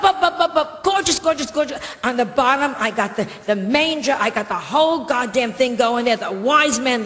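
A female stand-up comedian doing bawdy, brassy, confiding live comedy. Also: fairly high pitch. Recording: echoey live club recording with loud audience.

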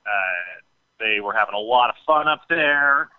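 Halting caller on a tinny phone line. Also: male voice, lowish voice, lively intonation, clear, resonant tone, dry recording. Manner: halting, many filler pauses. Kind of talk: casual chat on a call-in show.

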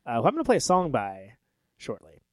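A man's voice: medium pitch, wildly swooping pitch, brisk, no room sound. A man co-hosting a podcast, chatting loosely and explaining upcoming shows. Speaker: podcast co-host, band member. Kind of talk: casual banter.

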